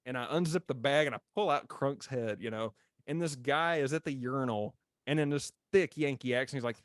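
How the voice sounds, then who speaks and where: A man, a former mascot telling a story on a podcast in a lively, laughing way and acting out what people said. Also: medium pitch, brisk, no echo, clean studio sound. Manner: animated, acts out quotes, laughs often.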